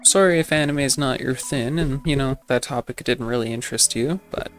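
A man's voice: medium pitch, brisk, soft background music. A man casually commenting on a video game as he plays, rambling and self-deprecating with lots of fillers. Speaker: gaming channel host. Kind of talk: casual let's play commentary.

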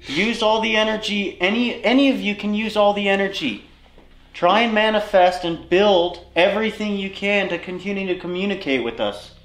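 A man's voice: high voice, normal speed, fairly bright tone. A man hosting a ghost hunt inside an old building, earnestly pleading with spirits to answer. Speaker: paranormal investigator host. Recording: roomy echo.

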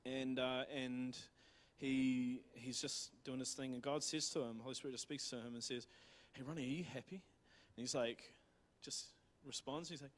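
A man's voice: medium pitch, little pitch movement, moderate pace, hardly any pauses. A man with a New Zealand accent retelling a missionary's story in a church talk, rambling with many fillers and restarts. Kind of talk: casual sermon storytelling.

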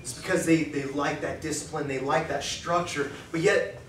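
A man speaking at a men's breakfast in a cafe, preaching in an animated way and acting out quoted thoughts in a hushed voice. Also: fairly high pitch, normal speed, background noise. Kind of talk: preaching talk. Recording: echoey room, mic far off.

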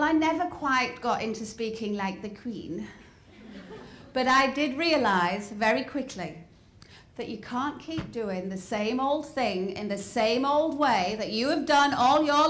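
English woman in her fifties, high voice; lively, funny motivational speaker quizzing her audience, in a roomy hall. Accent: softened English accent. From north of England. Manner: lively, humorous, asks the audience questions. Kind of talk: motivational storytelling talk. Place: large hall before an audience. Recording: roomy hall with faint crowd ambience.

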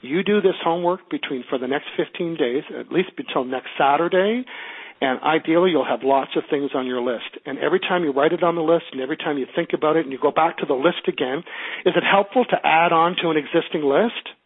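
A man's voice: on the high side, fast talker, husky. A man with a Canadian accent teaching a class by phone, upbeat and coaching, asking the class questions. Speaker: teleclass teacher. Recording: tinny phone line.

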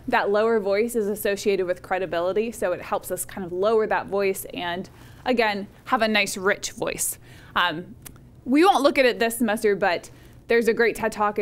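A woman teaching a college public speaking course in a recorded lecture, conversational and encouraging, often checking in with "right?". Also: on the high side. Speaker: college speech instructor.

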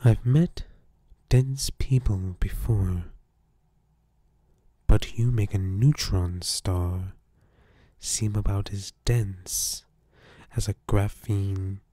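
A man voicing a snarky male character in a whispered role-play, with a soft breathy whisper and deadpan, mock-soothing insults. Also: on the low side, drawn-out words, long pauses, no echo, studio quality.

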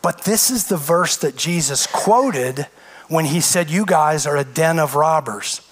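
Male pastor, high voice, emphatic sermon delivery with rhetorical questions. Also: animated, a little slow, a little hiss or hum.

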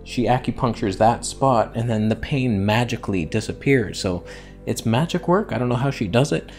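A man's voice: mid-range voice, normal speed, darkish tone, soft background music. A man vlogging in a casual, rambling, self-mocking way while in back pain. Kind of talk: casual vlog monologue.

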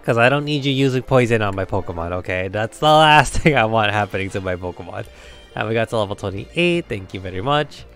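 A man's voice: fairly low pitch, animated, brisk, fairly bright tone, soft background music. A man giving casual let's play commentary, chatty, laughing often and talking to himself. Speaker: game streamer.

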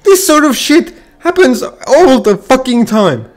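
A man's voice: very high voice, sing-song, unhurried, faint music behind. Angry gamer dude cussing nonstop over his game, voice jumping all over the place. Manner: swearing constantly, frustrated, repetitive. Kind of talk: ranting gameplay commentary.

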